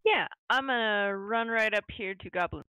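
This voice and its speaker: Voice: mid-range voice, normal speed, bright, forceful tone, smooth, no room sound. A player in a tabletop game, gleeful and bouncy, on a dull, dry lo-fi microphone. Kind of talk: casual tabletop play.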